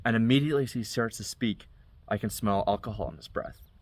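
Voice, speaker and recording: Low-voiced young man telling a story. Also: lively intonation, quick pace, no room sound. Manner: conversational, recounting events step by step. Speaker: vlogger. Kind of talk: casual storytelling.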